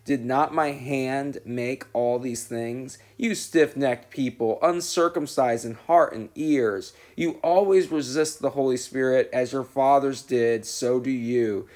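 A man reading scripture aloud in a measured, solemn way as the regular reader of a daily reading program. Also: medium pitch, a little mellow. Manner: slow, measured, solemn delivery.

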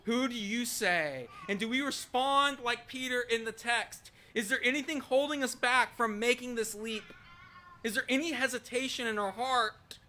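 A man preaching a sermon, his voice pitched high for a man. He reads scripture aloud, then talks it through with his listeners, rising to loud proclamation and dropping to soft, searching questions. The tone stays bright and forward throughout. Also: fairly even intonation, normal speed, slight background noise.

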